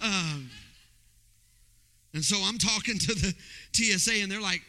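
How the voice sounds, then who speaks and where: A man preaching in a church, telling a personal story in a high voice. His tone is sharp and bright, and he jumps into the voices of the people in his story. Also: normal speed, long pauses. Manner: animated, acts out voices in his stories. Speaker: pastor. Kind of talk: storytelling sermon.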